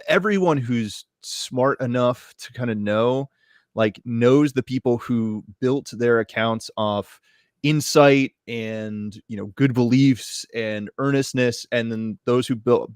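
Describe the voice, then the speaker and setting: A man talking as a podcast guest, rambling through 'you know' and 'like' and quick to laugh. His voice is mid-pitched, and the sound is dry and close. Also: no room sound. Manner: rambling, full of fillers, laughs easily. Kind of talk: casual chat.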